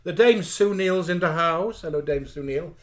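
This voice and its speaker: A man co-hosting a live chat show, greeting viewers by name, calling each one lovely and trailing off softly. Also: a little high, moderate pace.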